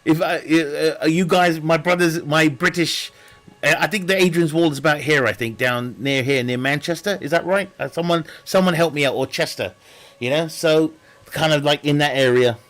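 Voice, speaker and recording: A man's voice: on the high side, moderate pace, a bit bright. A man streaming a game, chatting casually in a rambling, joking way, laughing often and swearing. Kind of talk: casual live-stream chat.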